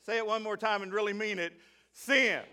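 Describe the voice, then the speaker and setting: A middle-aged male pastor preaching a sermon to his church, swinging between loud emphasis and quiet asides, slowing down to read scripture. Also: sits high, flat delivery, clean tone. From Arkansas, USA. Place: church sanctuary.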